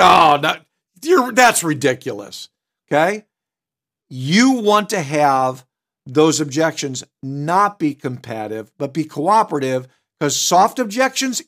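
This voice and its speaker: A man's voice: high voice, fairly bright tone. A middle-aged man teaching a sales training session, direct and emphatic, with punchy asides. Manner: switches tone to act out customers. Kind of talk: recorded training seminar.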